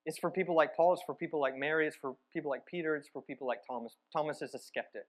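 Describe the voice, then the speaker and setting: A man with a slightly high voice preaching a sermon. He retells the story vividly, pressing some words hard and dropping others to a near-hush. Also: racing. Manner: storytelling, swinging between emphatic and hushed. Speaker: church teacher.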